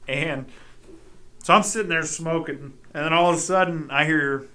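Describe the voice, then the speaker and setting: A man co-hosting a podcast who tells childhood stories in a casual, animated way and swears freely. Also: fairly high pitch, moderate pace. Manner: animated, profane storytelling. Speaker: podcast co-host. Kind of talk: casual chat, storytelling.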